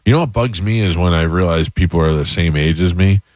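Deep-voiced man in his fifties, chatty. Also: brisk, no echo, studio quality. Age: 50s. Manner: animated storyteller, exaggerated disbelief. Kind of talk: casual chat.

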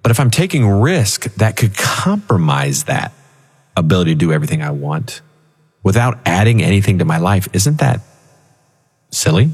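Husky low-voiced man on financial radio. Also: moderate pace, big-room sound. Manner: animated storytelling with laughs. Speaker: financial advisor co-host. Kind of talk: casual radio chat.

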